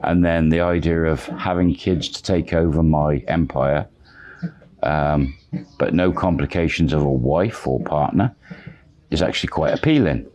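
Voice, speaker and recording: A man's voice: a bass voice, measured pace, darkish tone. A man casually telling a long story, rambling and repeating "he says" and "she says". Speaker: channel storyteller.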